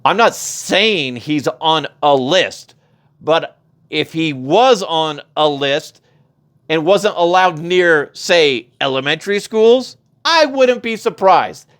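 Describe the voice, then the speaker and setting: This podcast host, a man with a fairly high, somewhat bright voice, rants casually through funny news headlines with plenty of profanity. He rambles, stumbles and restarts often, laughs at his own jokes, and puts on mocking voices.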